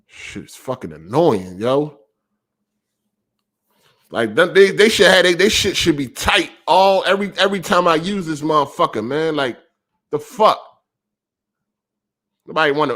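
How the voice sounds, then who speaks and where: A fairly high-voiced man hosts a livestreamed gaming podcast. He rants in a steady stream of profanity. Between gripes he reads viewer messages aloud. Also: unhurried, pauses often. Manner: profane, irritated ranting. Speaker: podcast host.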